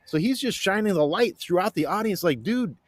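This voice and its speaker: A man, a guest on a podcast, telling a story in an animated, excitable way with lots of restarts. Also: high voice, a little fast, no room sound, clean studio sound. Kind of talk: casual chat, animated storytelling.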